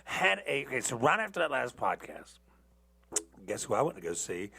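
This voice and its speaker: A man's voice: medium pitch, sing-song, moderate pace, vocal fry, sharp tone, slight background noise. A tired man hosting a podcast, ranting in a loose, rambling monologue full of profanity and restarts. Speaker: podcast host.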